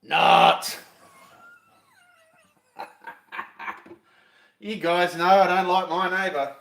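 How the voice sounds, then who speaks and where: A man chats his way through cooking on a live stream, his voice sitting a little high for a man. He rambles, talks to himself and cracks cheeky jokes at his viewers. The sound bounces around an echoey room. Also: steady tone, moderate pace, a bit bright. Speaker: fishing channel host.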